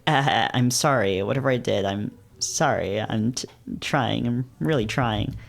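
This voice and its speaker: A man's voice: medium pitch, creaky. A man doing a shaky, stammering young rich guy. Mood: apologetic. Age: young adult. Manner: stammering, halting, on the verge of tears.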